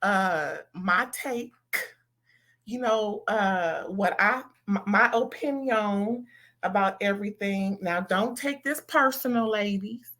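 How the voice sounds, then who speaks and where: Woman, put-on Southern accent, unhurried, sassy vlog commentator. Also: mid-range voice, fairly bright tone. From California. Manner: chatty, sassy, slangy asides to viewers. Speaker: reality TV reviewer.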